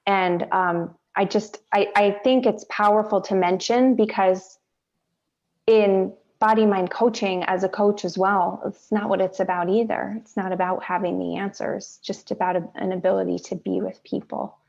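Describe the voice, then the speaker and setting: A woman's voice: medium pitch, steady tone, moderate pace, creaky, a little mellow. Woman coach, reflective and earnest, muffled lo-fi sound. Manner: reflective, earnest, says "right?" often. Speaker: body mind coach. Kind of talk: casual video-call discussion. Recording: dull lo-fi audio.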